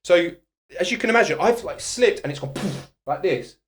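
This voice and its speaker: Animated man telling a story. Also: high voice, moderate pace, a little hiss or hum. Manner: animated, swearing, laughing storyteller. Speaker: podcast guest, personal trainer. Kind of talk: casual anecdote telling.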